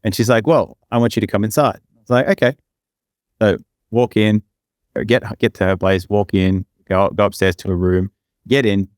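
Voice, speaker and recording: A man's voice: fairly even intonation, moderate pace, darkish tone, no room sound, clean studio sound. A young man casually telling a long personal story on a podcast, rambling and acting out the people he quotes. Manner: rambling, acts out quoted lines with big pitch jumps. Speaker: podcast co-host.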